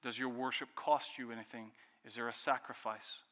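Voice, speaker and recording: Bright-voiced man preaching in a reverberant hall. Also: mid-range voice, steady tone, moderate pace. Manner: earnest preaching with rhetorical questions and dramatic drops in volume. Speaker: pastor. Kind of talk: sermon.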